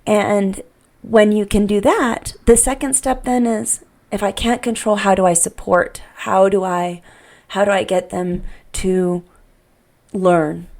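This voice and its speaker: A woman's voice: mid-range voice, fairly even intonation, slow pace, darkish tone. A middle-aged woman hosting a parenting podcast, speaking unscripted and earnestly, often repeating herself as she searches for words. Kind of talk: unscripted heartfelt podcast monologue.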